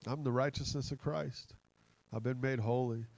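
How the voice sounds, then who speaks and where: A man preaching a sermon in a church, impassioned and excitable, laughing as he goes. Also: medium pitch, moderate pace, creaky, dry recording, low-quality recording. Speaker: pastor.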